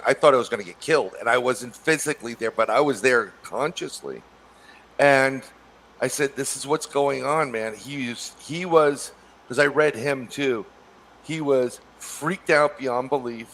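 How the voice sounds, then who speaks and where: Animated storytelling man. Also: moderate pace. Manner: animated, acts out quotes with rising pitch. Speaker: podcast co-host. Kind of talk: casual storytelling.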